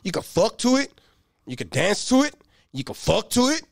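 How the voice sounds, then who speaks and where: A young male comedian works through a profane, streetwise stand-up set. His voice sits high for a man and swings widely in pitch. He breaks into shouted bursts, and the sound is dry and close. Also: sing-song, normal speed, gravelly, no room sound. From Los Angeles. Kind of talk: stand-up routine.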